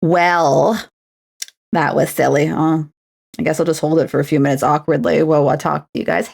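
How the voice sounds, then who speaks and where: Low, gravelly and darkish, this woman's voice barely moves in pitch and keeps a moderate pace. She's a Canadian streamer in her twenties, casually chatting as she paints a miniature, joking at her own expense and dropping into announcer voices.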